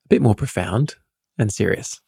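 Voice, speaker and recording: A man's voice: lowish voice, normal speed, gravelly, a little mellow, husky, no echo, studio quality. A man co-hosting a podcast with his wife, telling stories with self-mocking humour. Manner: joking, self-mocking storyteller. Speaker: co-host, husband. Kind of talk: casual podcast chat.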